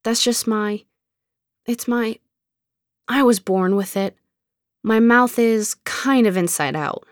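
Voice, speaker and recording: A woman's voice: fairly high pitch, slow, long pauses, dry recording, clean studio sound, pitched above the performer's own voice. A woman reading aloud and voicing a cheeky, persuasive young neighbor boy who coaxes and teases. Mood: sheepish. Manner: coaxing, pleading, teasing. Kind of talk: audiobook character reading.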